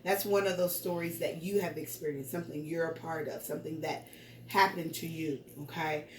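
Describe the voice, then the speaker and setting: Woman, reading teacher, patient, encouraging, slow exaggerated read-alouds, lowish voice, echoey room. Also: fairly even intonation, a little hiss or hum. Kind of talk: early-grades remote reading lesson. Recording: echoey room, voice from far off the mic.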